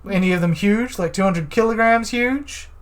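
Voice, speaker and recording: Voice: mid-range voice, moderate pace, pitched above the performer's own voice, lightly acted. A let's-play narrator voicing a brash male detective who questions bluntly and impatiently.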